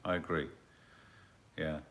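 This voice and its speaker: A man's voice: extremely low pitch, level tone, slow pace, fairly bright tone. A middle-aged man, hosting a casual live chat and musing as he reads out viewer comments.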